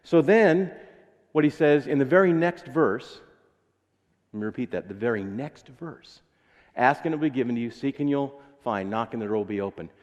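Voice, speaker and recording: Joking American pastor in a reverberant church. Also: male voice, medium pitch, lively intonation, brisk, a little mellow. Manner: conversational and joking, acts out little voices. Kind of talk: sermon. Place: church sanctuary.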